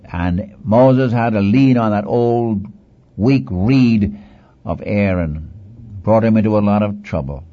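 A man's voice: on the low side, takes it slowly. A man preaching a sermon in an earnest, exhorting manner, repeating phrases for emphasis, on a dull lo-fi recording.

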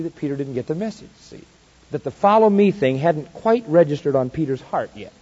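A high-pitched man preaches with lively swings from hushed asides to loud emphasis. He drags out key phrases slowly for weight. The recording is dull and lo-fi, like an old sermon tape. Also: slightly rough. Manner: slows right down to stress quoted verses. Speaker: pastor. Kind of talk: expository sermon.

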